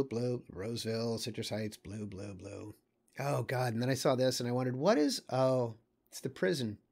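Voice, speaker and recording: A man walks through a set of maps in a loose, unscripted lecture. He thinks out loud, stops and restarts, and fills his pauses with small asides. His pitch sits in the middle range. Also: vocal fry. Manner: thinks aloud, halting, with many fillers and small asides. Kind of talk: casual lecture commenting on maps.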